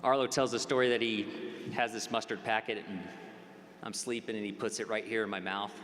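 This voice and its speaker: A man's voice: fairly low pitch, flat delivery, a little fast, fairly bright tone. A man giving an earnest funeral eulogy, telling a personal story about a fallen friend. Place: large funeral hall. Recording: long hall reverb, faint noise.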